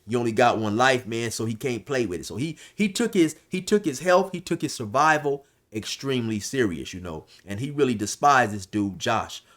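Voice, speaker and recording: A man casually telling a long prison story, rambling with restarts and fillers. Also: medium pitch. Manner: loose, rambling, restarts, shouts when quoting others. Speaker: storyteller recounting prison life.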